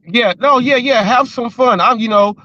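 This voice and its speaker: Stream host, male, high and bright, earnest, a bit lo-fi and dry. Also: normal speed, no echo. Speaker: host of a gig-work talk show. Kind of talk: casual live-stream chat.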